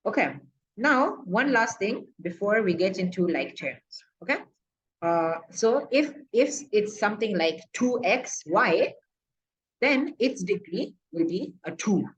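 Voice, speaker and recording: A young woman explains a math lesson in a casual screen recording, chatty and playful, checking in often with the viewer and sprinkling in plenty of okays and asides. Her medium-pitched voice is sing-song and slow. The sound is lo-fi, with slight background noise.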